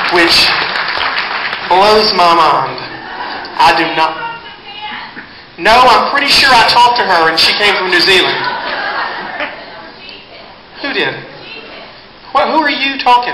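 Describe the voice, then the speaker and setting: Here the bandleader drags things out, his high, sing-song voice moving slowly with long pauses as he jokes with the concert crowd between songs. Background noise, loud audience reaction, and the hall's echo surround his stage-mic delivery.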